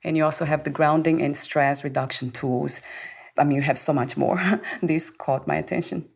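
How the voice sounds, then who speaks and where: A woman's voice: deep voice, fairly even intonation, normal speed, creaky, darkish tone, slightly rough. A woman interview host who speaks admiringly, praising her guest's work. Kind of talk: interview questions.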